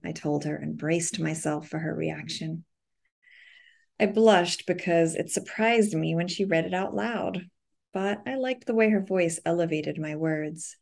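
Low, mellow woman narrating an audiobook. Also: measured pace, vocal fry. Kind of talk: first-person audiobook narration.

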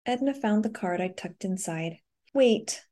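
A woman giving a soft-spoken, measured first-person audiobook narration. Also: fairly low pitch.

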